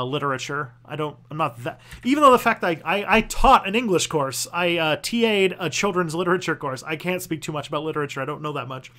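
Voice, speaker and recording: A young adult man hosting a casual livestream Q&A, answering viewer questions in a rambling, halting way with constant restarts and the odd swear word. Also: fairly high pitch, bright, forceful tone. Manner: loose and profane.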